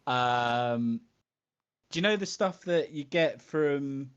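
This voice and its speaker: A man's voice: mid-range voice, lively intonation, slow pace, clean tone, highs cut off. A man on a casual hobby podcast, talking bluntly and swearing offhandedly. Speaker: podcast co-host. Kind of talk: casual chat.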